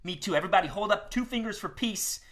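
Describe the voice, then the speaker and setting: A man hosting a live-streamed children's show, talking gently to kids with many "um"s and "okay?"s. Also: high voice, expressive, fast. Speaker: children's entertainer host.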